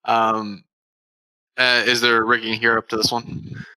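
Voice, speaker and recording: A man's voice: mid-range voice, completely flat delivery, measured pace, sharp tone, poor audio. A man playing a tabletop game, thinking aloud hesitantly with ums and uhs. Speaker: player.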